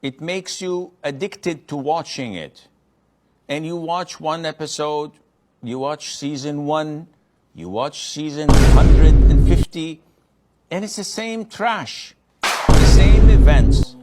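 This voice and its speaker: Male preacher, unhurried delivery, dry blunt wit in Q&A. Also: on the high side, warm tone. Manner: blunt, dryly humorous. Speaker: Islamic preacher. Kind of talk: answering audience questions.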